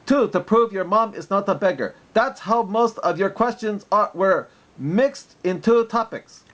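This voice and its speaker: A man voicing a preachy online debater in a mock Arabic accent, slow and lecturing. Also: sits high, expressive, fairly bright tone, muffled recording, pitched above the performer's own voice. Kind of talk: mocking impression in a video reply.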